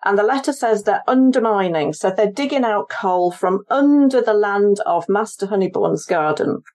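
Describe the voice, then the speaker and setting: A woman's voice: medium pitch, animated, normal speed, darkish tone. Woman historian explaining at length. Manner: explains at length, thinking aloud. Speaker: guest author and historian. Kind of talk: conversational interview.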